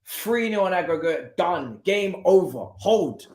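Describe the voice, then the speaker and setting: A man hosts a live watchalong, chatting in casual slang and reacting as the game unfolds. His voice sits a little high, and the room around him has a noticeable echo. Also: lively intonation, takes it slowly, darkish tone. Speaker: streamer host. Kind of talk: casual live match commentary. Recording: echoey room.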